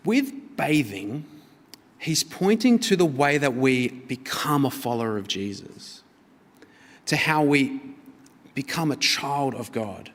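A man preaching a sermon as a pastor, in an earnest, expressive manner that swings between emphatic and hushed. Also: medium pitch, slow pace. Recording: reverberant hall.

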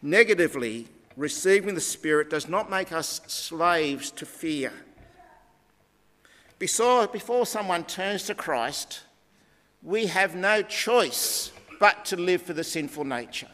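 A man preaching a sermon in a measured teaching tone with deliberate emphasis. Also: sits high, expressive, a bit bright. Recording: long reverb of a large hall.

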